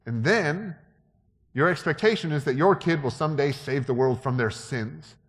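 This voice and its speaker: A man's voice: a little high, moderate pace. A man preaching a sermon in a conversational, joking way that builds to emphatic peaks. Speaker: pastor. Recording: long hall reverb.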